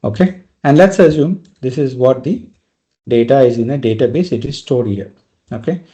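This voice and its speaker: A man's voice: mid-range voice, normal speed, mellow, muffled recording. A male trainer giving a live technical lecture, explaining step by step and often checking in with "right?".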